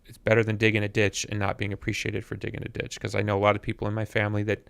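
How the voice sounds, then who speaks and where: A man's voice: on the low side, monotone, very fast, vocal fry, a bit bright, smooth, dry recording, studio quality. A man in his fifties, a musician guest talking thoughtfully on a podcast and often repeating words as he searches for them. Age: 50s. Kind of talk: reflective interview conversation. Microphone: podcast mic.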